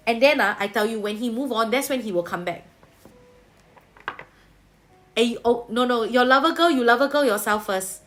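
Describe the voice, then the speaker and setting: A Singaporean woman doing a livestream tarot reading, talking in a chatty, colloquial way sprinkled with Singlish particles. Her voice sits a little high, and she reassures the viewer like a big sister giving advice. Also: a little fast, a little hiss or hum. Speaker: tarot reader.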